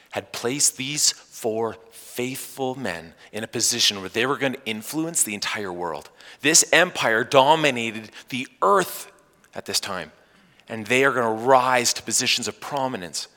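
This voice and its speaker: A man preaching a Sunday sermon as pastor, animated, with playful asides to his congregation. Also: on the low side, long reverb tail.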